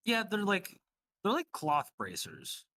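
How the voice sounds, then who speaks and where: A man's voice: high voice, huge pitch swings, slow, bright, forceful tone, a little hiss or hum. A man narrating as game master in a casual tabletop game, talking loosely with many fillers.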